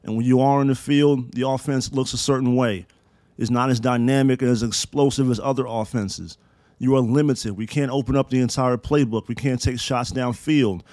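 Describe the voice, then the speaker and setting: Profane, excitable man on a dry mic. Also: medium pitch, normal speed, no echo. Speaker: podcast host. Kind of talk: solo sports podcast rant.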